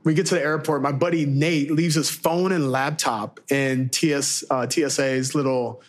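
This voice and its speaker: A man's voice: fairly high pitch, normal speed. Cursing man telling a wild story. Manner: profane, animated storytelling. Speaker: podcast co-host. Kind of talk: casual chat.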